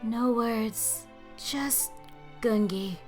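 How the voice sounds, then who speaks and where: A woman's voice: a little high, extremely slow, darkish tone, soft background music. A young woman hosting a video, reading fan comments in an emotional, swearing, half-sobbing manner.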